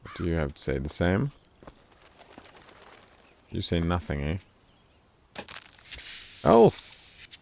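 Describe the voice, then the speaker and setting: A deep-voiced man talks slowly with a gravelly edge, thinking out loud as he plays a game on stream. He puzzles over words, looks things up and pokes fun at himself in a loose, casual way. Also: a little hiss or hum. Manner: musing aloud, looking up words, self-deprecating. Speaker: gameplay streamer. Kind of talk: casual commentary while playing a game.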